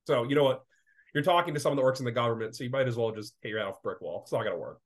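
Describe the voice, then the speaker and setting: Podcast co-host, man, late 20s, sick and congested, rapid rambling storyteller with lots of swearing. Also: mid-range voice. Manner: animated storytelling, profane. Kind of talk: casual chat.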